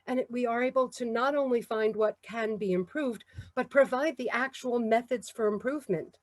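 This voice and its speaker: A woman with a New York accent giving a measured, encouraging talk on public speaking. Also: fairly high pitch, no room sound. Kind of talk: instructional talk.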